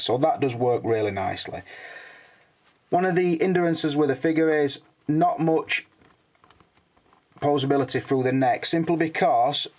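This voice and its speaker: An older man, chatting frankly through a hands-on toy review and swearing casually. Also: medium pitch.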